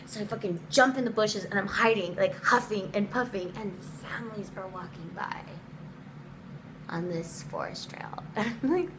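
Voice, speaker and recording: Young woman vlogger, storytime. Animated delivery, big pitch jumps, crude words, audible background noise. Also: fairly quick, rough recording. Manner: animated, swearing, quotes people in voices, dramatic pitch jumps. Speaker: vlogger telling a personal story. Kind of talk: casual storytime.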